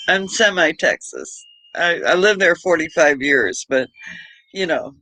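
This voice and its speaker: Bright, slow-talking man chatting on a livestream. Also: on the high side, expressive, poor audio. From Britain. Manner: chatty, laughs often, greets viewers by name. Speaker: homestead livestream host. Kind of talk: casual livestream chat.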